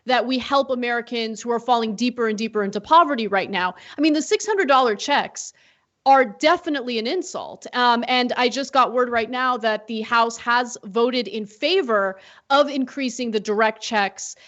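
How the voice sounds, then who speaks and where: A woman co-hosting political news commentary, measured and explanatory. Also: fairly high pitch, a bit bright, muffled recording. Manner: measured, explanatory, many fillers.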